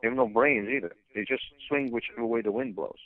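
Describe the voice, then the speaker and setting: Over a tinny phone line, a man acting as a fighter's manager vents bluntly at a quick pace in a phone interview, stacking up fillers and restarts. His voice sits in the mid range. It comes across dry and close, with no echo.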